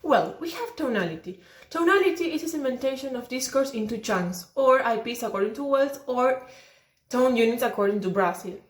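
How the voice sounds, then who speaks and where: Young woman student, slightly high voice, careful self-correcting exam talk, roomy echo. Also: lively intonation, fairly quick. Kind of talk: oral exam presentation on phonology.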